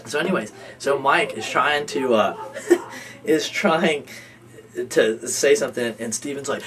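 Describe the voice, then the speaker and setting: A young man recounts a household story with lots of energy, laughing as he goes and slipping into the voices of the people involved. His pitch sits in the usual middle for a man. He is picked up from a little away from the mic, with a faint hum of noise behind him. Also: unhurried, recorded from a distance. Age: young adult. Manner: animated, laughs often, acts out others' lines. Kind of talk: casual storytelling.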